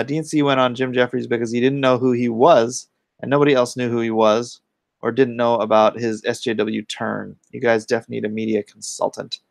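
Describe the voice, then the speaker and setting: A man with a gravelly, creaky voice hosts a relaxed livestream, reading chat questions aloud and answering offhandedly. He mutters quiet asides while fiddling with his setup, and the sound is close and dry. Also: mid-range voice, no room sound. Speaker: comic artist hosting a livestream.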